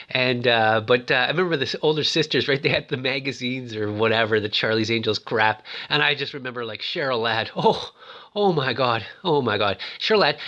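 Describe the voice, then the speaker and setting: Excitable man with a bright, lively voice. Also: mid-range voice. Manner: rambling, excitable, lots of fillers. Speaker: movie toy reviewer. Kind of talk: casual movie retelling.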